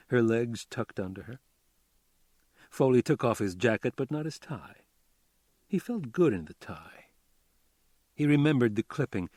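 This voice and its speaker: A man narrating a crime novel audiobook with a calm, measured reading. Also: fairly low pitch, dry recording, clean studio sound. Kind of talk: scripted narration.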